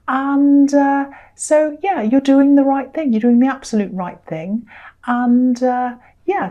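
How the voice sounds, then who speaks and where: A woman giving a tarot reading, talking in a gentle, reassuring way with frequent pauses and ums. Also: medium pitch. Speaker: tarot reader.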